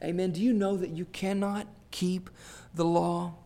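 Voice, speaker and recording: A man preaching a sermon, swelling to emphatic peaks and dropping to hushed, drawn-out phrases. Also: sits high, flat delivery. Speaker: pastor.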